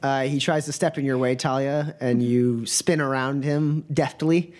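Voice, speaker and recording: A man's voice: mid-range voice, fairly even intonation, unhurried, a little mellow. A man narrating as game master in a tabletop game, rambling with many fillers.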